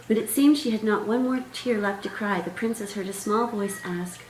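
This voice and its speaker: A woman author reading aloud from her own storybook in a gentle, measured way. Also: medium pitch, a little hiss or hum. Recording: roomy sound, distant mic, faint music.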